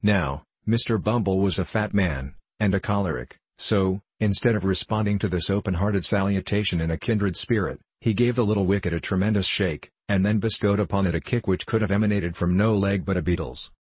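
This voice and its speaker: Deep, husky male audiobook narrator. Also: darkish tone, no echo. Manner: measured, formal storytelling. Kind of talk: scripted narration of a classic novel.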